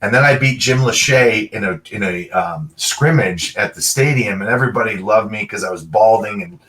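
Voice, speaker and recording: A middle-aged man, a guest in a casual interview, telling animated stories and acting out short bits of dialogue. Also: fairly low pitch, moderate pace, distant mic, low-quality recording. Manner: animated storyteller, quotes people in short dialogue. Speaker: guest, former pro football player.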